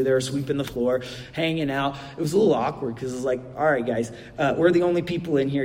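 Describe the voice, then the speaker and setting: A man's voice: fairly high pitch, darkish tone, long reverb tail. A middle-aged man, a pastor giving a sermon and telling a funny personal story with many fillers.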